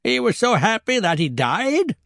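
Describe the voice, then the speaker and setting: A fussy old grandmother, shrill and easily shocked, who clucks over every grim detail, as a man puts her on. Her voice rides high and the sound is close and dry. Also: lively intonation, measured pace, creaky, a bit bright, no room sound, exaggerated voice. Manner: clucking, exclaiming.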